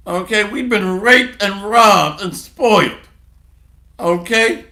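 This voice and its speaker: A man delivers a sarcastic sermon packed with repeated refrains, swinging between low muttering and loud outbursts as he reads scripture aloud. He takes his time, and the room sounds spacious.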